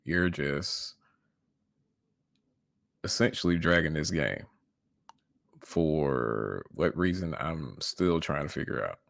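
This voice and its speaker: A man hosting a reaction video, answering another creator in a casual, measured way and repeating words as he presses his points. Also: rumbling low, vocal fry, dry recording, clean studio sound.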